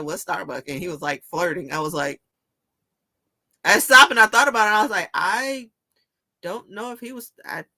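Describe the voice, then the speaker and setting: A woman hosting a casual chat, telling stories in an animated way, laughing often and swearing casually. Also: medium pitch. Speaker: show host.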